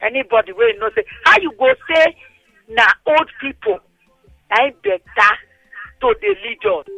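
Animated high woman in Nigerian Pidgin. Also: dry recording, rough recording. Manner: animated, scolding commentary. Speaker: radio phone-in host. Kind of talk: casual radio phone-in chat.

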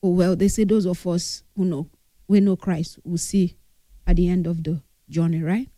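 A woman's voice: lowish voice, level tone, moderate pace, warm tone, dry recording, studio quality. A grieving woman with a Nigerian accent gives an earnest tribute, mixing English with Pidgin. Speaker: grieving friend giving a tribute. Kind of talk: emotional spoken tribute.

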